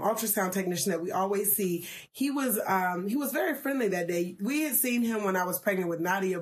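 A woman in her thirties telling a personal story on a livestream, earnest and emotional, pausing often with "um.". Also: mid-range voice. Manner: earnest, emotional and reflective, with frequent "um" pauses.

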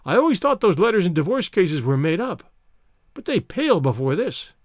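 A man's voice: high voice, sing-song, no room sound, studio quality. A man voicing a gushing, theatrical young woman.

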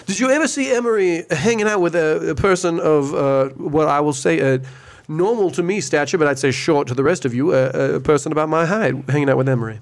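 A man in a tabletop game, questioning a witness like a defense lawyer, halting and playful with many restarts. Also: fairly high pitch, vocal fry. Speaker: player acting as defense lawyer. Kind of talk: tabletop role-play, mock courtroom questioning.

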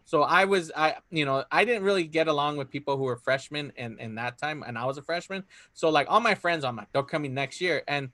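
A man's voice: fairly high pitch, brisk, hardly any pauses, bright, forceful tone, no room sound. A young man telling stories in a casual chat, laid-back and full of fillers. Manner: laid-back storytelling with lots of fillers and Spanish phrases.

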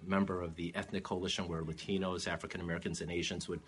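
A man running for office, answering interview questions in a measured, steady way with frequent "uh" fillers. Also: deep voice, slight background noise. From California. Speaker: political candidate.

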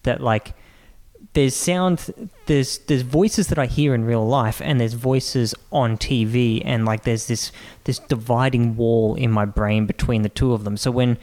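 A man's voice: medium pitch, steady tone, unhurried, a little mellow. A man co-hosting a podcast, speaking casually and searching for words with frequent restarts. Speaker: podcast co-host. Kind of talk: casual chat.

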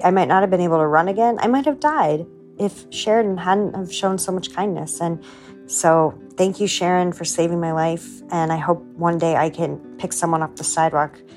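A woman's voice: fairly low pitch, normal speed, faint music behind. A woman telling an earnest, heartfelt personal story for a podcast, voicing her own inner thoughts as she goes. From United States. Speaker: guest storyteller.

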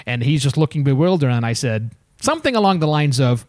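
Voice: medium pitch, brisk, noisy background. A podcast co-host telling a story in casual chat, acting out the people in it. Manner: animated anecdote-telling with acted-out quotes.

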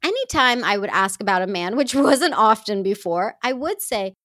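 A woman telling a personal story to women listeners in an earnest, heartfelt and expressive way. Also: medium pitch, normal speed, no echo, studio quality. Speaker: speaker addressing women listeners.

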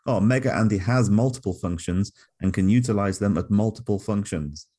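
A young man co-hosting a casual comedy podcast, reading silly sponsor ads in a dry, deadpan way. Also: fairly low pitch, a little fast, husky. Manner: dry, deadpan delivery of mock ad reads. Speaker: podcast co-host.

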